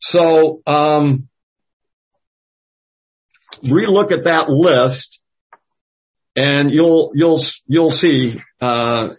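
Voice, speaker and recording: A man leading a Bible study discussion, speaking slowly and haltingly with many fillers. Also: mid-range voice, slight background noise. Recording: dull lo-fi audio.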